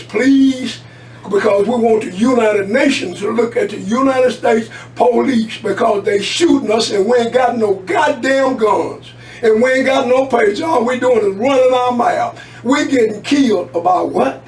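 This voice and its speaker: A man's voice: high voice, moderate pace. A man co-hosting a talk radio show, delivering heated, preachy commentary and swearing freely. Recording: roomy, distant mic with faint hum.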